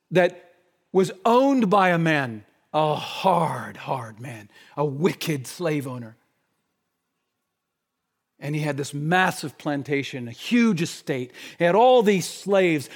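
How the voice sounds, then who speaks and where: Impassioned male preacher, rising to shouts. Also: fairly high pitch. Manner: impassioned, swings from shouting to hushed. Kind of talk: sermon.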